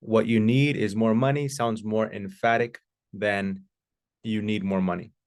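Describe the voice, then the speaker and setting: A man teaching an English class, explaining slowly and repeating each example, with Spanish translations. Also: on the low side, steady tone. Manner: slow, deliberate repetition of examples. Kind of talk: classroom lesson.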